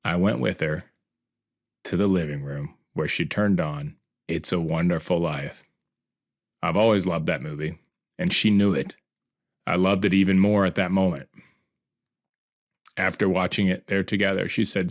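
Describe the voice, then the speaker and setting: A man's voice: deep voice, steady tone, normal speed, pauses often, no room sound, clean studio sound. A man hosting a podcast, narrating a personal story in an earnest, reflective and heartfelt way. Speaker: podcast host.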